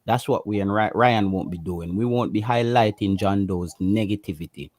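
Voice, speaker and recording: A man's voice: fairly low pitch, normal speed, a little mellow, no echo, clean studio sound. A passionate Jamaican man co-hosting a casual livestream chat, emphatic and given to repeating himself. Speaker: co-host.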